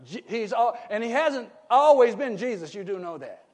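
A man preaching a sermon, asking the congregation questions and swelling into emphatic shouts as listeners call back. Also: very high-pitched, lively intonation, moderate pace. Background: congregation calling out responses.

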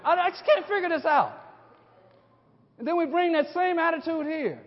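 A man preaching a sermon with passion, dropping to a hush and then rising to shouts, often repeating and restarting his phrases. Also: extremely high pitch, lively intonation, normal speed. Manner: impassioned, swings from hushed to shouting. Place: church sanctuary. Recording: dull sound with a long hall reverb.

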